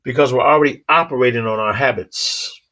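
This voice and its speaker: A man giving a motivational talk, telling animated stories with sound effects and rhythmic, preacherly repetition. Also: mid-range voice, brisk. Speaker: motivational speaker.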